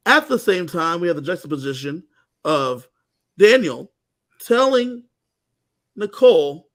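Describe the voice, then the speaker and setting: A man co-hosting a casual recap chat, telling the story with animated energy. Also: on the high side, unhurried, long pauses. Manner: animated storytelling, acting out quoted lines. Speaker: co-host.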